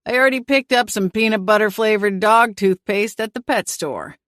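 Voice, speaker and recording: A woman voicing an easygoing, good-humored man in an audiobook, speaking in a relaxed way. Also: medium pitch, normal speed, no room sound, clean studio sound, pitched above the performer's own voice, natural voice. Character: easygoing, amused man driving.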